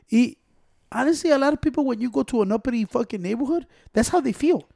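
A man's voice: very high-pitched, animated, fast, gravelly, warm tone, dry recording, studio quality. A man in casual chat, mixing in Spanish slang and swearing a lot. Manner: switches between English and Spanish slang, profane.

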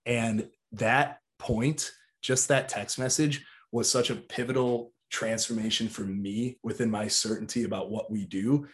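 A man's voice: on the low side, steady tone, measured pace, hardly any pauses. A man who founded a company, talking earnestly and reflectively about his business and leaning on "like" as a filler. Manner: earnest, reflective, uses "like" often. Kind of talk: casual conversational talk.

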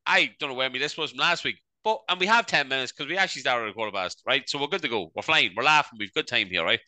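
In a mid-range, sharp-toned voice that's animated and quick, a man co-hosts a casual comedy podcast, recorded with no room sound. He rambles and keeps tagging "right?" onto the ends of his sentences.

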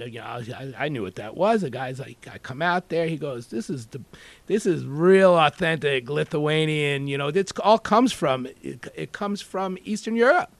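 A talkative chef from New York telling stories in an animated, rambling way, full of "you know.". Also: male voice, fairly high pitch, no room sound. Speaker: executive chef and deli owner. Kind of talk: casual interview talk.

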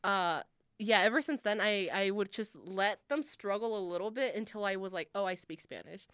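A young woman co-hosting a casual chat, talking in a relaxed, laid-back way. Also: mid-range voice, normal speed, smooth, no room sound, clean studio sound.

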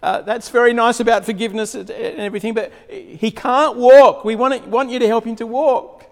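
A man's voice: very high voice, steady tone, brisk, pitched above the performer's own voice. A preacher voicing exasperated male friends who call down from a roof, pleading and politely protesting. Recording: long hall reverb.

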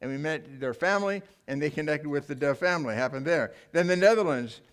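An older man preaching in a church, telling mission stories in an animated, emotional way with frequent restarts. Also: on the high side, a little fast. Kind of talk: sermon storytelling.

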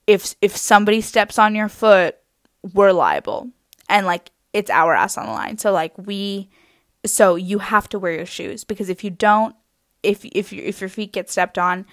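A woman voicing a huge, stern male club bouncer who is firm but apologetic, speaking low and matter-of-fact. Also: unhurried, dry recording, clean studio sound, close to an everyday voice. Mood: firm, explaining.

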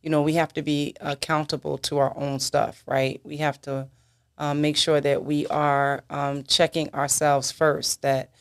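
A woman's voice: low-pitched, level tone, a little slow, clear, resonant tone. A woman minister in a church talk discussion, speaking emphatically and asking rhetorical questions.

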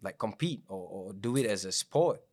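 A man's voice: lowish voice, animated, normal speed, darkish tone. A man hosting a casual interview, chiming in with short, encouraging replies and questions. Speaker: podcast host.

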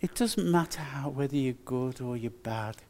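A man's voice: medium pitch, dark tone. An older man preaching a sermon, earnest and emphatic, repeating his key phrases. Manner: earnest, slow and emphatic with repetitions.

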